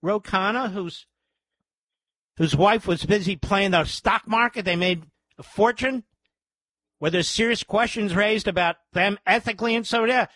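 A man's voice: high voice, measured pace, bright, forceful tone, no room sound, clean studio sound. A man hosting a talk radio show, ranting sarcastically and firing off mocking, incredulous questions.

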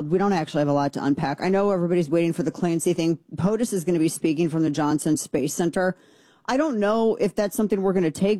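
A woman's voice: on the low side, warm tone, no echo. A woman hosting a talk radio show, giving a blunt, sarcastic and indignant opinion monologue into a studio microphone.

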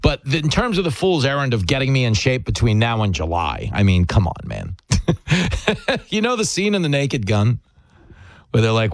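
A man's voice: mid-range voice, big pitch swings, normal speed, dry recording. A man hosting a talk radio show, telling stories in a self-deprecating, joking way. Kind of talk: casual comedic talk radio.

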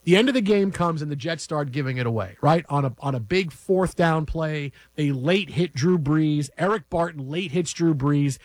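A man with a fairly high voice co-hosts a sports radio show from a studio. He tells his stories with animated emphasis, and the sound is dry and close on the microphone. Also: moderate pace, hardly any pauses, no room sound. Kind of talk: casual sports talk, storytelling.

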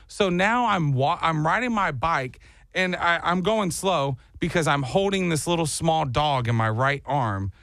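Gravelly, animated male radio host. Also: unhurried, no room sound, clean studio sound. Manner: animated, jumps into high voices for quoted lines. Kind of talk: casual storytelling on a morning radio show.

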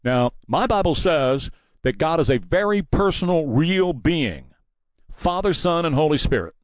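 A man's voice: on the high side, big pitch swings, a little slow, no echo. A man hosting a combative, mocking political commentary monologue.

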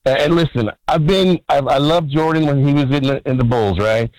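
Male radio caller, slightly high voice, dry sound, rambling, restarts often. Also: fairly quick, a little mellow, no room sound, rough recording. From California. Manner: rambling, full of fillers and restarts, keeps asking "right?". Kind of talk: phone-in call.

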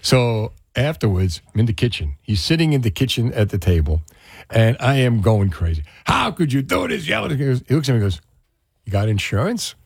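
Animated husky-voiced male radio host. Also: lowish voice, brisk, no room sound, clean studio sound. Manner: animated storyteller, acts out quotes. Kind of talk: casual morning radio banter.

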